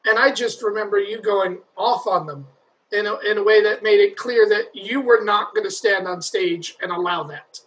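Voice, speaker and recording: A man's voice: high voice, moderate pace, fairly bright tone, poor audio. A man hosting a comedy interview show, asking admiring, enthusiastic questions in casual chat. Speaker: podcast host.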